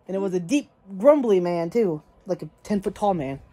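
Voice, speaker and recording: A woman vlogging casually at home, rambling excitedly and chatting to her pets. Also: medium pitch, brisk. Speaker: daily vlogger. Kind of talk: casual rambling vlog chat. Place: at home, yard and indoors.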